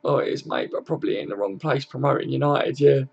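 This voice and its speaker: A man's voice: medium pitch, fast, vocal fry, a little mellow, highs cut off. A young man hosting a casual football-fan live stream, chatting loosely, swearing freely and chuckling as he responds to viewers. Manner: laid-back, swears freely, chuckles often. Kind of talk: casual live-stream chat, reading comments aloud.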